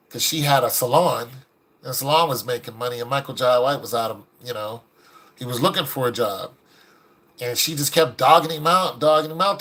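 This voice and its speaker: A man giving casual, preachy commentary, acting out the people in the stories he tells. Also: medium pitch. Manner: animated, preachy, acts out quoted people. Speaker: video commentator.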